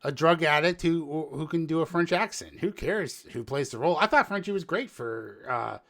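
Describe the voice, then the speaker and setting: A man's voice: fairly high pitch, normal speed, vocal fry, fairly bright tone. A man co-hosting a casual podcast chat, joking and rambling with emphatic complaints. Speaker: podcast co-host.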